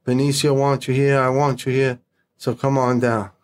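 A man's voice: medium pitch, level tone, moderate pace, smooth. Blunt, profane storytelling man. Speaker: podcast guest. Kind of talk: casual storytelling.

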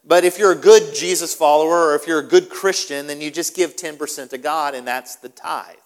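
Male pastor, emphatic and repetitive, fairly high voice, long hall reverb. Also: a little fast. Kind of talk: sermon.

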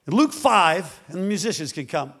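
A male pastor preaching a dramatic storytelling sermon that swings up to shouting. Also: on the high side, expressive, moderate pace, creaky, slightly rough.

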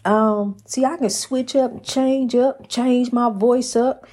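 Slow, breathy-voiced woman giving a devotional. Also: a little high, fairly even intonation, dark tone. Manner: folksy, down-to-earth, calls listeners honey; repeats phrases with preacher-like emphasis. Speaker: host of a Christian inspirational program. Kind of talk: casual spoken devotional message.

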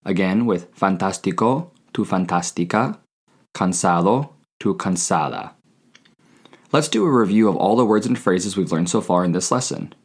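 Man, very low voice, language teacher, slow clear repetition, scripted lesson. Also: animated. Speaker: Spanish teacher.

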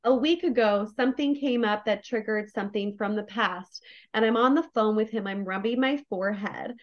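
A woman's voice: medium pitch, normal speed. A woman podcast guest telling a personal story in a candid, effusive way, full of "like" fillers. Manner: effusive, emotionally open, many "like" fillers. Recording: dull lo-fi recording.

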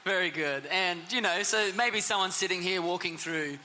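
A man's voice: high voice, moderate pace, heavy background noise. A man hosting an interview, asking questions in an upbeat way and laughing often. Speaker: interview host. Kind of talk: casual interview.

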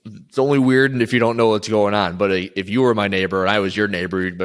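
Man, very low voice, casual coaching interview, rambling, restarts a lot. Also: little pitch movement, fast.

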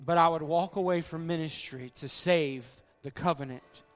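A man's voice: on the high side, normal speed. A man preaching an earnest, folksy sermon as pastor, pleading with his congregation at the altar call. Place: church sanctuary. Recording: long hall reverb, faint music.

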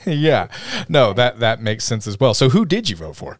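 A man hosts a casual podcast with plenty of jokes. His pitch swings widely as he talks. The recording is close and dry. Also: normal speed, dry recording. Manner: animated, joking. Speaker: podcast host. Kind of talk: casual chat.

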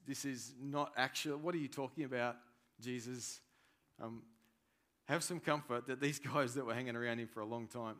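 A man preaching a sermon, animated and conversational, swinging between loud emphasis and quiet asides. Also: medium pitch. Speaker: pastor.

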